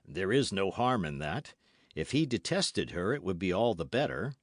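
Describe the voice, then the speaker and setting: A man's voice: sits low, big pitch swings, moderate pace, no room sound, pitched below the performer's own voice. A man doing a dry-witted veteran musketeer. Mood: cool. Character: calm, weary older musketeer, dry wit.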